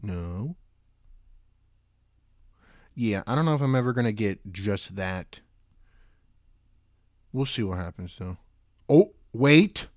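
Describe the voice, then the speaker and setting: A young man hosting a casual solo podcast who rambles, swears and breaks into loud, disbelieving outbursts. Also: on the low side, slow pace, long pauses, no echo. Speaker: podcast host.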